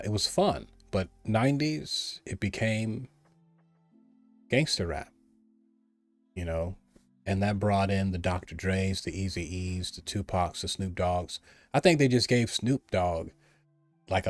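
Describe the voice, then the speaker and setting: With no room sound, a lowish-voiced American commentator gives a forceful, repetitive opinion monologue and mimics others in a raised voice.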